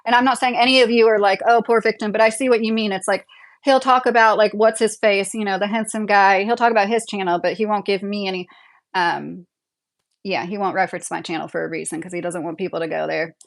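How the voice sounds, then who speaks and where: A woman's voice: mid-range voice, steady tone, fast talker, creaky. A young woman hosting a casual livestream from her home, reading viewer comments aloud, chatty and opinionated, laughing often. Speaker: livestream host. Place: home, a double-wide trailer.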